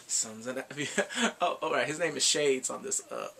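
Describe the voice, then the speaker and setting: A man casually reviewing a TV series in slangy, animated chat, laughing often. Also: medium pitch, normal speed, vocal fry, breathy edge. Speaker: show reviewer.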